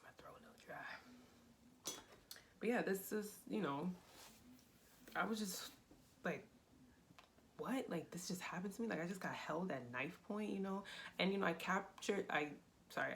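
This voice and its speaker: A young adult woman, telling a personal story in a casual, animated vlog style with lots of fillers. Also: lowish voice, measured pace, vocal fry, long pauses, a little hiss or hum. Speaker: vlogger.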